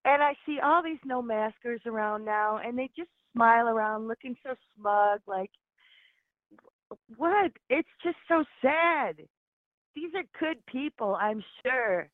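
A woman's voice: fairly high pitch, a little slow, no echo. Woman caller on a tinny phone line. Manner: chatty, rambling, earnest. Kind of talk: call-in radio chat.

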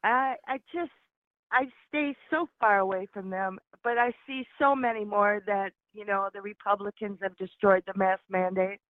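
A woman's voice: mid-range voice, steady tone, moderate pace, dry recording. A woman calling in to a radio show, chatting in a rambling, earnest way. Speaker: caller. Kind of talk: call-in radio chat. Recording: tinny phone line.

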